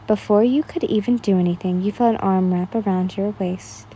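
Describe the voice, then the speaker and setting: A woman's voice: mid-range voice, moderate pace, dark tone, slight background noise. A young woman casually reading aloud a second-person fan story, stumbling and restarting now and then and swearing freely. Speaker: fan fiction reader.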